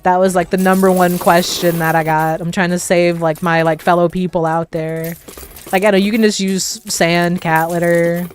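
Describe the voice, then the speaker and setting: A young woman hosts a livestream, telling casual stories in a lowish voice. She rambles, leans heavily on fillers and laughs often. Her delivery is loose and chatty. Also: little pitch movement, moderate pace. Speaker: livestream host. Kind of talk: casual storytelling.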